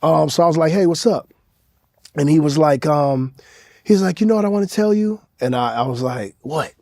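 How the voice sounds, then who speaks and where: A man's voice: a little high, normal speed, warm tone, no echo. Nonchalant man telling a story, dry sound. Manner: nonchalant, conversational. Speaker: interviewee. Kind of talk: casual anecdote.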